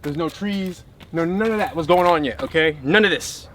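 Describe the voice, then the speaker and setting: A man's voice: a little high, normal speed, fairly bright tone, a little hiss or hum. A man giving an emphatic spiritual teaching talk who keeps checking in with his listeners.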